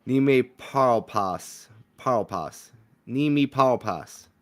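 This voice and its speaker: A man voicing a snobbish female cat with a mock French accent, speaking slowly and pompously. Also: mid-range voice, animated. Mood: disdainful. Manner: slow, disdainful, pompous.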